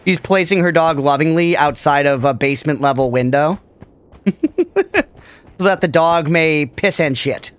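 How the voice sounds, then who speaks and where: A man's voice: a little high, moderate pace, clean tone. A man streaming a video game, chatting casually and joking as he answers his chat. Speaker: gaming streamer. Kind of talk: casual live-stream chat over gameplay.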